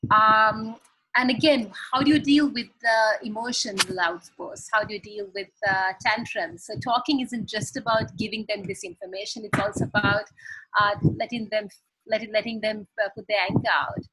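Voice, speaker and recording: Sri woman, husky and dry-sounding, earnest guest expert on a video call. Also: mid-range voice, steady tone, normal speed, sharp tone, no room sound, rough recording. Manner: earnest, explains with examples. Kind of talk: advice talk on a video call.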